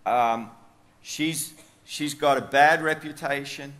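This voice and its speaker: A man's voice: fairly high pitch, slow pace, fairly bright tone. A man with an Australian accent preaching a sermon in a chatty storytelling way, full of asides. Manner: chatty, with frequent asides and fillers.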